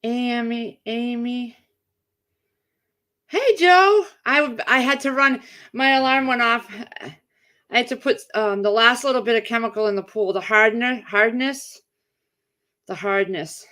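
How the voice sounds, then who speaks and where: A talkative woman with a slightly raised voice runs a relaxed livestream from her house. She rambles from one thing to the next and calls out hello to viewers by name. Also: fairly high pitch, moderate pace. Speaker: livestream host. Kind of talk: casual livestream chat. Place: at home.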